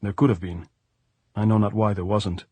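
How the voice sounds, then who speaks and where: A man reading the lines of a blunt, earthy middle-aged guerrilla woman in an audiobook, speaking frankly and gravely. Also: lowish voice, fairly even intonation, moderate pace, darkish tone, no room sound, lightly acted.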